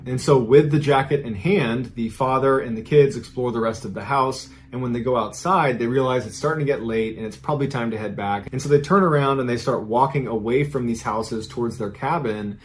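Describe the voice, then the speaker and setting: A man's voice: medium pitch, fairly quick, few pauses, a little hiss or hum. Male podcast host, casual storyteller, builds suspense in a conversational tone.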